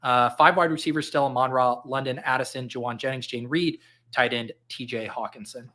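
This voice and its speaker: A man's voice: medium pitch, fairly even intonation, fairly quick, sharp tone. A man hosting a casual podcast, rattling off names and numbers and telling jokey stories. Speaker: podcast host. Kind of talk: casual podcast chat during a fantasy football draft.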